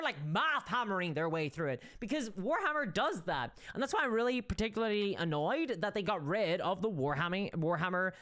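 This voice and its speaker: Animated woman ranting on a stream. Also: medium pitch, a little fast, few pauses. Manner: animated, opinionated, ranting with frequent restarts. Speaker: streamer reading chat. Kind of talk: casual livestream commentary.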